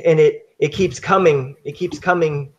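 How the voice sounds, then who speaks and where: A man's voice: fairly high pitch, moderate pace, husky, muffled recording. Man voicing a panicked captive man. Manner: panicky, broken phrases. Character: panicked frightened homeless man held captive.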